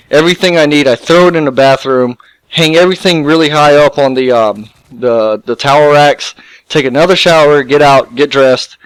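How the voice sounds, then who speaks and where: A young man casually telling a long, rambling, profane story to his viewers, animated and full of fillers. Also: medium pitch, smooth, no echo, rough recording. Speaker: gaming YouTuber.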